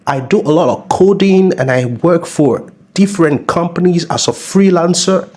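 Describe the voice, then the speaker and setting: A man playing a young tech freelancer in a comedy skit, calmly defending himself to a police officer. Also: on the low side, moderate pace, slightly rough. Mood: defensive. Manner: defensive, explaining patiently.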